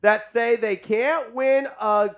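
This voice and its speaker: High-voiced hyped man hosting sports stream. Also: fairly even intonation, slow. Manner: hyped, joking, shouts out chat donors. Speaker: sports show host. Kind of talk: casual live-stream sports chat.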